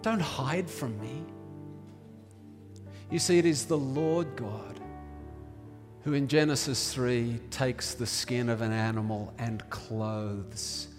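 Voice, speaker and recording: A man's voice: medium pitch, steady tone, slow pace, darkish tone. A man preaching a sermon, telling a story and building to emphatic declarations. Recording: reverberant hall with faint music.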